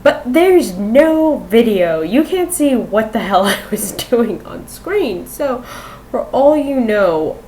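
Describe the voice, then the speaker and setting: Woman vlogger, chatty and rambling, mid-pitched, faint hiss behind her. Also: big pitch swings, slow pace, mellow, poor audio. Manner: chatty, rambling, swears and laughs easily. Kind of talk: casual rambling vlog. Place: room at home.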